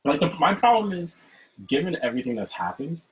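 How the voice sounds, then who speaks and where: A man hosting a casual talk over a video call, speaking in an animated way and often checking in with "right?". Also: a little high, fairly quick, low-quality recording. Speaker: host. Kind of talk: casual chat.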